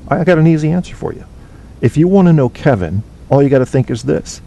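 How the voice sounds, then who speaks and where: A man's voice: fast, warm tone. A man hosting a casual podcast from home on a cheap microphone, talking bluntly and profanely in a rambling way while reading the live chat. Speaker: podcast host. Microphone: cheap low-quality microphone. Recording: faint noise on a low-bitrate stream.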